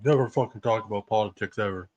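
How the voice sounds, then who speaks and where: A man's voice: on the low side, quick pace, darkish tone, no room sound. A man co-hosting a casual podcast, blunt and teasing, swearing freely. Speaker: podcast co-host.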